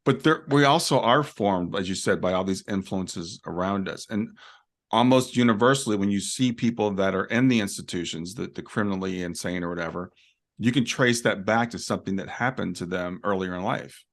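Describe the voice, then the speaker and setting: A man hosts an interview, asking slow, thoughtful questions that trail and restart. His low voice has a gravelly, creaky texture. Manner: thoughtful, hesitant questions with many affirmations. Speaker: podcast host, interviewer. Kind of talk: casual interview conversation.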